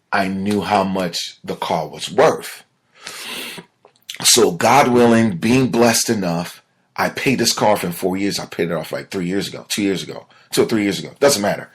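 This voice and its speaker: A man talks through his week on a casual podcast in a deep, slightly husky voice. He tells stories with plenty of energy, then slides into a low, muttering tone when something bothers him. The delivery is loose and conversational, like talking to friends. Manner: animated storytelling, drops to a low mutter when upset. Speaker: podcast host. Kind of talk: casual solo podcast talk.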